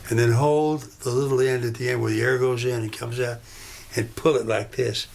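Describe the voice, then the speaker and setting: A man telling a rambling story to camera in a deadpan manner. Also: medium pitch, moderate pace, gravelly, slight background noise. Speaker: reality show contestant.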